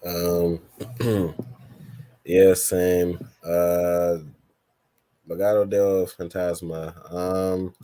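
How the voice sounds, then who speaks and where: Deep-voiced male co-host, slow and halting with fillers. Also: level tone, dark tone. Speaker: podcast co-host. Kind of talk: casual wrestling podcast chat.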